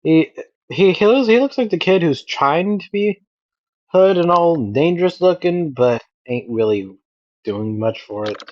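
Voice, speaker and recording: A man's voice: a little high, animated, a little slow, no echo, highs cut off. Man narrating a tabletop game. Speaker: game master.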